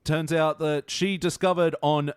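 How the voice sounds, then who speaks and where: A man hosting a casual podcast discussion, wry and dry, steering the talk with quick sarcastic asides. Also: a little high, steady tone, clear, resonant tone, no echo. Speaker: podcast host.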